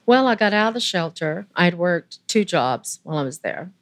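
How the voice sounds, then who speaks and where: A woman in her sixties with a Southern US accent, telling her life story as an interview guest in a chatty, animated way. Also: normal speed, no room sound. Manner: chatty, animated, voice rising high when excited. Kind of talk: personal storytelling.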